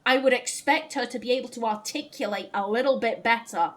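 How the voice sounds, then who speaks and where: A let's play host, a woman, commentates on the video game she's playing, ranting in exasperation and swearing freely. Her voice is on the high side and a little fast.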